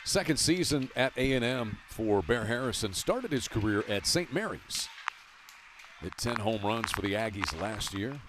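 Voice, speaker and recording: A man calls a college baseball game play by play, his delivery brisk and even between pitches. His voice climbs on strikeouts and extra-base hits. Ballpark noise comes through clearly behind him on the broadcast. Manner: brisk, rises to shouts on big plays. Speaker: play-by-play announcer.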